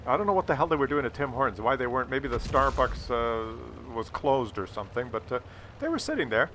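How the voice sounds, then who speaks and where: A man's voice: mid-range voice, big pitch swings, a little fast, fairly bright tone, slight background noise. An older man telling a rambling, sarcastic, profane story as a gaming YouTuber talks over gameplay.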